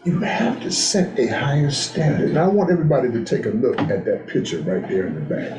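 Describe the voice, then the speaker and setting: A man's voice: mid-range voice, fairly quick, roomy sound, crowd noise. A man leading a men's group in a motivational talk, telling stories and calling for responses from the room. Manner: animated storyteller, call-and-response with the room.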